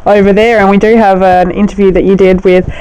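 Woman, podcast host, mellow warm tone, faint background noise. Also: mid-range voice, flat delivery, brisk, poor audio. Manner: friendly, asks questions. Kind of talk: casual podcast interview.

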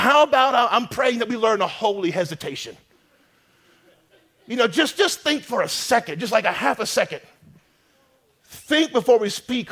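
A man preaching a sermon as pastor, emphatic and swinging between loud declarations and hushed asides. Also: high voice. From North America.

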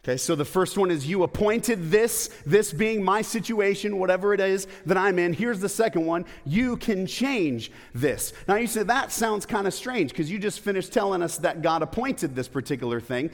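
A man's voice: high voice, brisk, few pauses. A man preaching a sermon in a church, talking conversationally with rhetorical questions and playful asides. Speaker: pastor. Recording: long hall reverb.

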